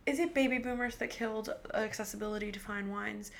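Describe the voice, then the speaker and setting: Bright-voiced young woman co-hosting. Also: medium pitch, brisk, gravelly. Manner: animated storytelling, swearing, acted-out quotes. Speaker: podcast co-host. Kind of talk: casual chat.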